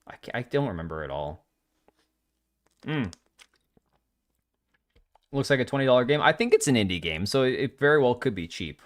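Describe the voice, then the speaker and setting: A man's voice: mid-range voice, very animated, moderate pace, pauses often. A young man hosting a casual gaming livestream, blunt and opinionated, often restarting his sentences. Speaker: livestream host.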